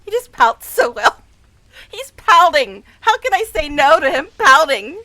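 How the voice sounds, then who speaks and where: A woman's voice: high voice, very animated, measured pace, sharp tone, no room sound. A woman streamer giving casual gameplay commentary, gushing and dramatic, laughing often. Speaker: game streamer.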